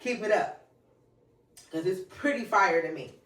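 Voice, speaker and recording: A woman's voice: fairly low pitch, unhurried, fairly bright tone. A woman hosting her own podcast solo, talking passionately in repeated, preachy bursts. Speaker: podcast host. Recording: echoey room, distant mic.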